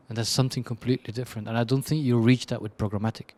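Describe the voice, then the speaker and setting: A man's voice: mid-range voice, steady tone, very fast, darkish tone. A man, a creative director, answering interview questions in a candid, chaotic way, bluntly and with self-deprecating asides. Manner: chaotic, rambling, frequent restarts and laughs.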